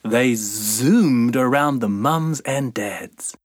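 Picture-book reader, mid-pitched, very slow and expressive, dry close sound. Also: no echo. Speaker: storybook reader. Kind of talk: children's picture book read-aloud.

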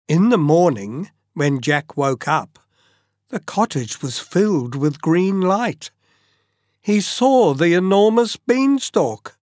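Slow expressive storybook reader, voice goes up and down a lot, dry close sound. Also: mid-range voice, no echo. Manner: very slow, expressive reading with dramatic pauses. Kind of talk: storybook reading aloud.

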